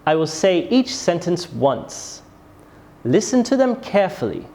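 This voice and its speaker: With big swings in pitch, a medium-pitched, mellow voice moves unhurriedly through the lesson. It belongs to a pronunciation teacher giving scripted classroom instruction in English, modelling sentences with deliberately exaggerated intonation.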